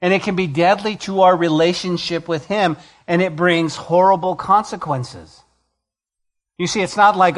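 Male pastor, slightly higher voice, sermon delivery, loud-to-soft emphasis, church setting. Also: normal speed.

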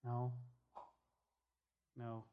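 A male pastor preaching a sermon, emphatic, repeating key phrases and swinging between loud and hushed delivery. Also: medium pitch, monotone, extremely slow, phone-quality sound, slight background noise.

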